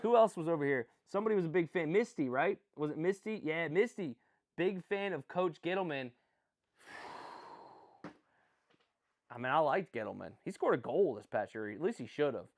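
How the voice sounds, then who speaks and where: A man with a fairly high, lively voice talks at a normal speed, leaving long pauses. He's hosting a casual live stream, rambling through jokey, self-deprecating asides and chatting with viewers while he reacts to picks.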